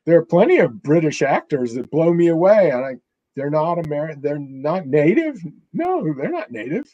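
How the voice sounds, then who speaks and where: An older man, an author, talking as an interview guest, halting and repeating himself. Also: fairly high pitch, very animated, dark tone, dry recording, dull audio. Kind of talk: casual interview chat.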